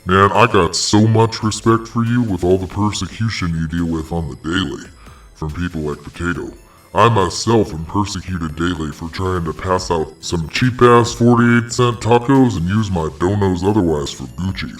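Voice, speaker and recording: Deep-voiced slangy parody host. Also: male voice, measured pace, far from the mic, soft background music. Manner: slangy, mock-preachy. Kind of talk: parody hotline monologue.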